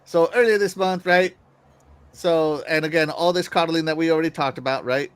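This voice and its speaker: A man's voice: a little high, moderate pace, smooth, dry recording. A man hosting a casual gaming news podcast who reads viewer comments aloud and teases his co-hosts. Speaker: podcast host.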